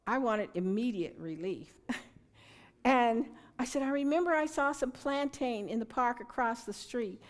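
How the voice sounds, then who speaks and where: An older woman speaks to a church gathering about natural remedies. Her voice sits somewhat high, and she tells her stories with animated, emphatic repetition. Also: unhurried. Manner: animated storyteller with emphatic repeats. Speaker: health presenter at church. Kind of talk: informal talk to a church group. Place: church hall.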